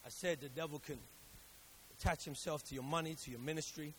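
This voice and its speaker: A man preaching a sermon, dropping to quiet storytelling and rising to loud, emphatic exhortation with repeated phrases. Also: a little high, fairly even intonation, brisk, slight background noise.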